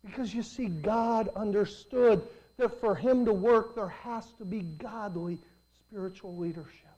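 A preacher giving a sermon, telling the story in an animated way full of rhetorical questions. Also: mid-range voice, a little slow, low-quality recording.

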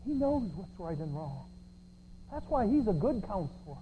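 A pastor preaching a sermon, sarcastic, swinging from shouts to quiet asides. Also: mid-range voice, very animated, moderate pace, a little hiss or hum, poor audio. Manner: sarcastic, swinging between shouts and near-whispers.

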